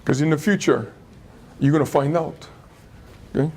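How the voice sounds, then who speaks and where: A middle-aged man tells a life story to a school audience. His voice sits high and light for a man. He keeps the kids involved with questions and repeated phrases. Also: moderate pace, darkish tone. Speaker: motivational speaker at a school.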